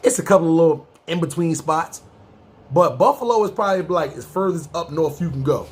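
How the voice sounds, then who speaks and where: A New man with a husky, breathy voice pitched fairly high for a man. He rants to his listeners like a street preacher, animated and profane, full of slang. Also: a little fast. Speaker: podcast host. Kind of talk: comedic street-talk rant.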